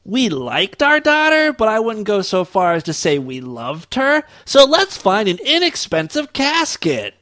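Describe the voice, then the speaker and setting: A man's voice: sits high, very animated, measured pace, few pauses, fairly bright tone, dry recording, studio quality, pitched above the performer's own voice, full character voice. A man voicing a cheerful, callous parent bargain-hunting for a cheap casket, in a breezy sing-song. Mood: chirpy.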